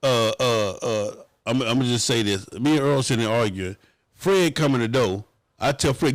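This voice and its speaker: Brief: Southern man, talk show host, animated, profane, dead dry sound. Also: medium pitch, moderate pace, dry recording. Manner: animated, profane, mock-pleading bits. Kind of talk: casual opinion talk show.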